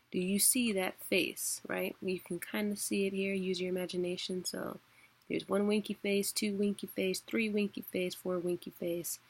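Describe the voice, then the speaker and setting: A young woman teaching a weekly online class in a relaxed, chatty way, laughing often. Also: medium pitch, normal speed, a little hiss or hum. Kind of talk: casual spoken lesson.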